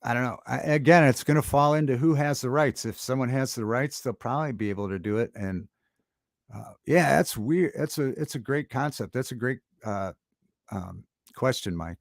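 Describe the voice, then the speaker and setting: A man hosting a casual livestream talk show, chatting with viewers in a halting, rambling way with many fillers and restarts. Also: mid-range voice, gravelly, dry recording, studio quality. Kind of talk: casual livestream chat reading viewer comments. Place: home studio.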